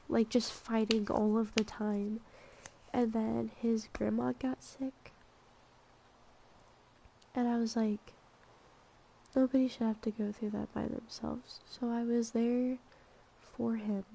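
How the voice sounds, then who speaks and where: A young woman with a fry-edged, mellow voice rambles through a storytime while playing a game. Her delivery is fairly flat and loaded with filler words, and it sometimes sinks into a soft whisper. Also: a little high, takes it slowly, pauses often, poor audio. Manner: drops to soft whispers at times. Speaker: gaming vlogger.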